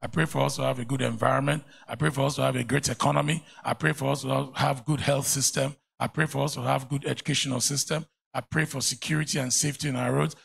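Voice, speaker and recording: A man with a Nigerian accent, a pastor preaching a sermon in a church, animated and mocking at times. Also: medium pitch, fast, few pauses. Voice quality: gravelly.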